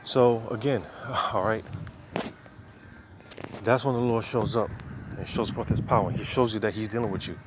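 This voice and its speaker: A man's voice: lowish voice, steady tone, normal speed, long pauses, background noise. A man giving a casual, conversational sermon, reading scripture and talking it over with many "man" and "you know" asides. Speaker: religious teacher.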